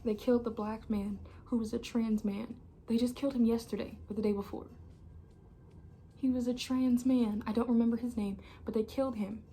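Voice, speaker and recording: A young woman gives an impassioned personal monologue, angry and emphatic, repeating herself and often dropping to an intense hush. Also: on the high side, steady tone, moderate pace. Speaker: channel host.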